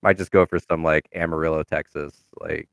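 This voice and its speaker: A man's voice: very deep voice, fairly even intonation, fairly quick, fairly bright tone, dry recording, clean studio sound. A man chatting casually about his game character, rambling with many fillers and restarts. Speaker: tabletop game player. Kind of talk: casual chat.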